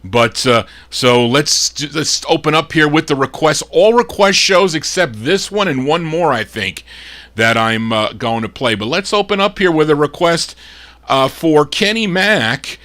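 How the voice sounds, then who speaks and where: A man hosting a live oldies record show, gruff and fed up as he grumbles between detailed introductions of the records he spins. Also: on the high side, animated, a little slow, a bit bright. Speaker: radio show host and record DJ.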